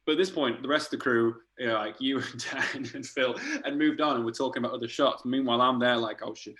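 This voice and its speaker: A man, an art director, casually telling animated stories in a podcast chat, laughing and swearing as he goes. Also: mid-range voice, fast, low-quality recording.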